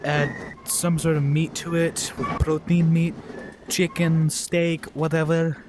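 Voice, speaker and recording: A man ranting casually and bluntly about food while playing a game, with quick asides and apologies. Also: a little high, level tone. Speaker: gameplay streamer. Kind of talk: casual rambling rant while gaming. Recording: noisy home recording.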